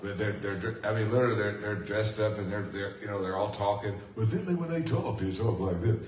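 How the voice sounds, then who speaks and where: A man's voice: on the low side, brisk, a little hiss or hum. Man, pastor, impassioned sermon, roomy echo, distant mic. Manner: impassioned, rising to excited emphasis. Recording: echoey room from far off.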